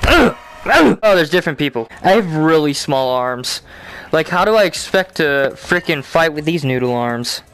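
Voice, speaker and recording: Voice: mid-range voice, lively intonation, normal speed, a bit bright, slight background noise. A gamer giving casual commentary over a virtual reality game, trash-talking the opponents playfully, swearing a lot and giggling. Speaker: gamer playing a VR brawling game.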